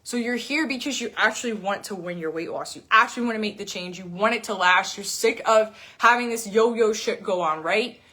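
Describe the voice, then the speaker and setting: A woman's voice: medium pitch, a little fast, hardly any pauses, pushed and bright. A woman fitness coach in her thirties ranting bluntly to camera, swearing often and repeating words for emphasis. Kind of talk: blunt unscripted rant to camera.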